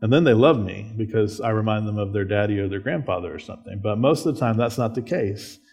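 A man's voice: fairly low pitch, quick pace, vocal fry, a little mellow. A man preaching a sermon as a pastor, conversational, often checking in with tag questions.

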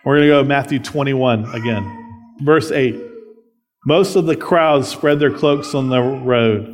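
A man's voice: medium pitch, measured pace, a little hiss or hum. A man preaching a sermon as a pastor, conversational, often checking in with tag questions.

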